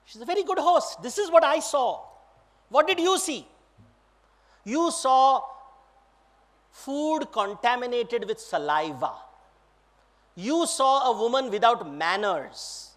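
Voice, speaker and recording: A man's voice: extremely high pitch, sing-song, slow, pauses often, fairly bright tone, full character voice. A man voicing a wise prince who patiently asks his brother questions and explains. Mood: earnest.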